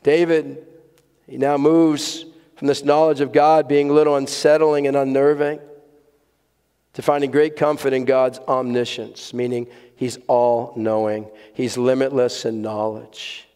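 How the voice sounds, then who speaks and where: A man's voice: medium pitch, level tone, measured pace, darkish tone, clean tone. A man preaching a sermon to a congregation in a church, earnest and emphatic, repeating key words for weight. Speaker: pastor. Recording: long hall reverb.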